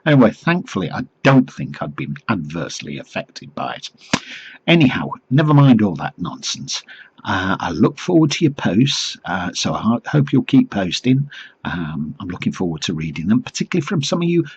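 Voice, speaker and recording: A man's voice: fairly low pitch, sing-song, moderate pace, dull audio, a little hiss or hum. A middle-aged man, chatting to camera with dry, self-mocking humour. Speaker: vlogger talking to group members. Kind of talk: casual chat to camera.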